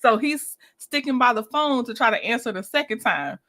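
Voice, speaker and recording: Livestream host, woman, bright and somewhat high voice, chatty, laughs easily. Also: expressive, normal speed. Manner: chatty, greets viewers by name, laughs often. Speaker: livestream host reviewing a reality show. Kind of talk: casual livestream chat.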